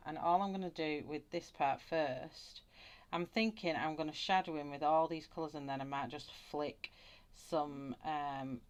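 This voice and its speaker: Chatty low-voiced Wigan woman. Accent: Wigan, Lancashire. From England. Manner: chatty, rambling, greets viewers by name. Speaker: colouring channel host. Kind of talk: casual chat while colouring on a live stream.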